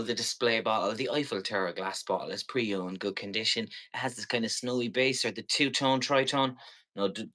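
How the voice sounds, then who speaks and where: A man's voice: mid-range voice, sharp tone. A man hosting a live selling stream, chatty and playful as he rambles through each item. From Ireland.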